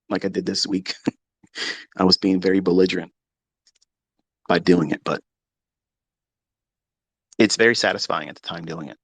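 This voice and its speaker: A middle-aged trading mentor speaks unfiltered in a live audio room from his home basement, his low voice free of echo. He's blunt and heavily profane, sometimes breaking into heated yelling.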